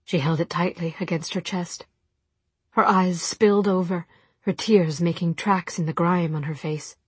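A woman narrating an audiobook in soft, measured storytelling with a breathy voice. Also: on the low side, fairly even intonation, no echo. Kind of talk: scripted narration.

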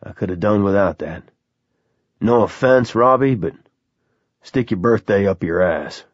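A man's voice: lowish voice, a little slow, no room sound, highs cut off. A man voicing a blunt, matter-of-fact middle-aged male teacher.

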